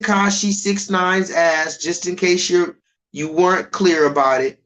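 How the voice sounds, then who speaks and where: A man's voice: sits high, steady tone, measured pace, a bit bright, poor audio. A man ranting on a live stream, emphatic and repetitive, swearing freely.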